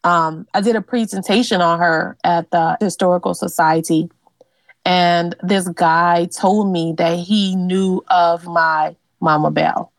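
Speaking at a fairly low pitch, a woman from Louisiana recounts her family history and ancestors with animated sincerity and plenty of fillers. She's a genealogist being interviewed. The recording has no echo but poor audio quality.

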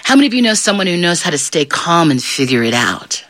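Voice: mid-range voice, fast talker. A middle-aged storyteller telling a folk tale live to an audience, playful and quizzing the listeners. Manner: animated, playful, asks the audience questions.

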